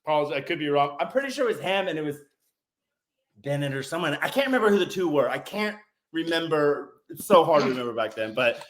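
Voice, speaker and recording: A man's voice: on the high side, expressive, fast, fairly bright tone, a little hiss or hum. Blunt, profane man telling war stories. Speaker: podcast guest, former Navy corpsman. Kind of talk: casual storytelling chat.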